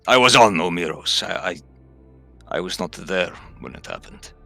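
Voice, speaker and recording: A man voicing a seasoned male soldier in his twenties who speaks in a measured, lecturing way. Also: sits low, sing-song, vocal fry, sharp tone, dry recording, soft background music, full character voice.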